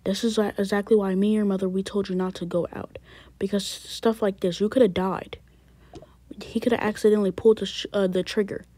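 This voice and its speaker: A woman voicing a stern, worried father who scolds his teenage son in hushed late-night whispers, in a one-person family skit. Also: medium pitch, level tone, brisk, lightly acted. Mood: scolding.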